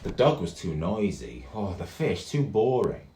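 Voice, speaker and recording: A man reading a story aloud to children, animated and full of gasps and exclamations. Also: deep voice, a little slow, slight background noise. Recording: echoey room with faint guitar.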